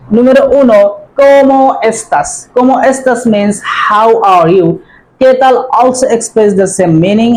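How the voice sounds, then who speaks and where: Woman teacher, slow and deliberate, repeats each phrase, mid-pitched voice. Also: darkish tone, poor audio. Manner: repeats phrases slowly, drawing out words. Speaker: language teacher. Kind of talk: slow spoken language lesson.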